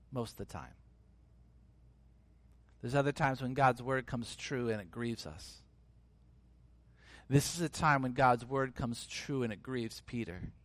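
A man's voice: mid-range voice, no echo. Emphatic, conversational male pastor. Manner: conversational and emphatic, acts out scenes. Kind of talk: sermon.

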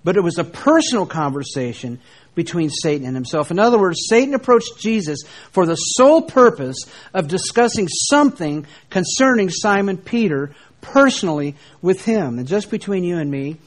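Guy preaching a bible lesson, kinda high voice, reads verses slow w/ big pauses. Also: very animated. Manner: slow, deliberate reading of scripture with dramatic pauses. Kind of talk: Bible teaching sermon.

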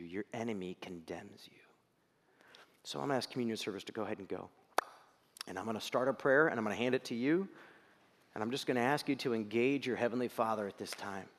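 A man preaching a sermon as pastor, earnest and building to emphatic peaks before a quiet prayer. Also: mid-range voice. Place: church sanctuary. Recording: reverberant hall.

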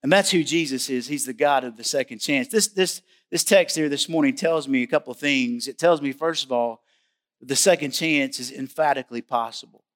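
A man's voice: a little high, fairly quick, hardly any pauses, fairly bright tone. A man preaching a sermon in a church service. He speaks emphatically and repeats key words for stress. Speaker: pastor.

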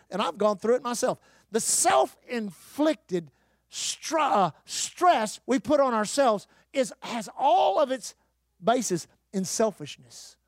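A man preaching a sermon, emphatic, with rhetorical questions, repeated phrases and occasional shouted bursts. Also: very high voice, no room sound, studio quality. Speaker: pastor.

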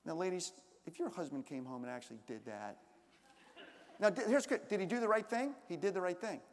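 A male pastor with a strikingly high voice delivers a sermon, swinging from punchy, emphatic lines to hushed, confiding asides. His words ring out with the long reverb of a large hall, as if carried through a church sanctuary. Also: animated, brisk. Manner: dynamic, swings between loud emphatic bursts and quiet asides.

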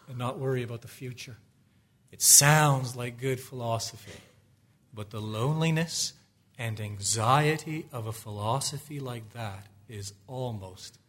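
A man preaching a sermon, asking his listeners rhetorical questions and moving between low, quiet asides and loud, emphatic exhortations.

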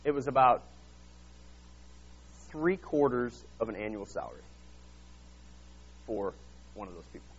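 A man preaching a sermon, retelling Bible scenes in a lively, casual way and acting out the characters. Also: mid-range voice, a little slow, pauses often, breathy edge, muffled recording. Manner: animated, acts out Bible scenes in casual voices. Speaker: pastor.

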